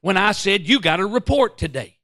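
A male pastor, telling a story in an excitable, stammering sermon that breaks into song. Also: high voice, brisk, no room sound, clean studio sound.

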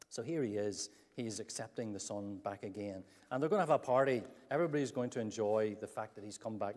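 A man's voice: medium pitch, darkish tone. A man preaching a sermon, telling a Bible story earnestly and acting out the quoted speech. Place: church hall. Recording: long church hall reverb.

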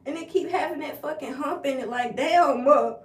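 A woman's voice: high-pitched, moderate pace. A young woman, ranting in a casual comedic vlog, swearing and exasperated. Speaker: vlogger. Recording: roomy echo, heard from a distance.

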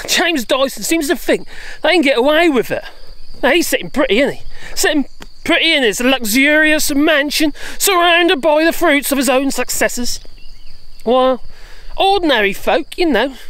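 Lively, high-voiced woman ranting. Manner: exasperated, sarcastic, chatty with frequent laughs. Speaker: vlogger. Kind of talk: ranting political vlog. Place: outdoors walking dogs.

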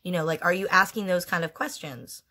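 A woman's voice: lowish voice, fairly quick, sharp tone. A woman in her forties telling a painful personal story in a candid vlog, blunt and emotionally raw, with frequent swearing.

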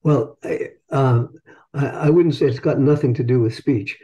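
A man's voice: mid-range voice, moderate pace, warm tone. An older man, an invited speaker, answering questions in a discussion after his talk, explaining thoughtfully and searching for his words.

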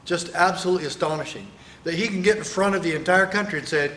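Emphatic male speaker, highish and forceful, rhetorical and fiery, hall echo. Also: quick pace, distant mic, slight background noise. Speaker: speaker at a sheriffs' event. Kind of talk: political speech. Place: event hall with audience. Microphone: microphone, sometimes stepping away. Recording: echoey hall.

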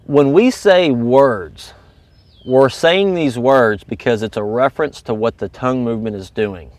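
A man's voice: mid-range voice, no echo. A man teaching goose calling in a casual, step-by-step coaching manner. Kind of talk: instructional video lesson.

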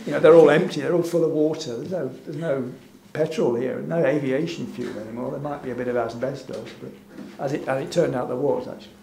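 In an echoey gallery event room with a faint background hum, a male guest speaker talks informally over slides. His medium-pitched voice is brisk and edged with vocal fry, with few pauses. He's wry and chuckles a lot, though his delivery is hesitant and packed with fillers.

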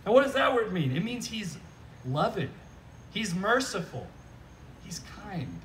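At an outdoor church service, a pastor with a high-pitched voice preaches unhurriedly, heard from some distance from the mic with a little hiss or hum. He's animated and joking, keeping his sermon conversational and repeatedly checking in with "right?"

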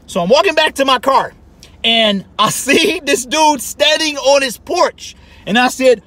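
Excitable vlog host, high bright voice, swoops up and down a lot, gushing and breathless. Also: male voice, moderate pace. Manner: breathless, gushing, repeats exclamations. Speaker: sports channel host and delivery driver.

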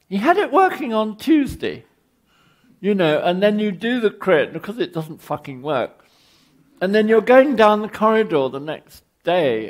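An older Englishman lectures on architecture in a wry, meandering way, tripping over his own words as he goes. His voice is gravelly and sits a little high for a man. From England. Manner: rambling, wry, with frequent restarts. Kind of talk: anecdotal public lecture.

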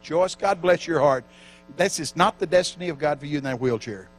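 A man preaching at a church camp meeting, telling stories with lively acted-out voices and shouting for emphasis. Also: fairly high pitch, a little fast, a little hiss or hum. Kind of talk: storytelling sermon.

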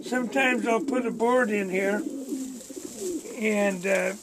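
A man's voice: high-pitched, slow. A man giving a casual, easygoing vlog tour of his pigeon loft, chatting to the camera and coaxing his birds. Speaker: pigeon breeder vlogger. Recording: noisy loft with birds cooing.

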